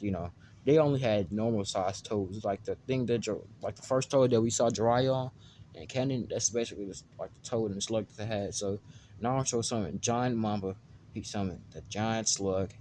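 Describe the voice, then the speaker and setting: A man's voice: on the low side, warm tone, a little hiss or hum. A man casually narrating an imagined fan story, rambling with many fillers and restarts.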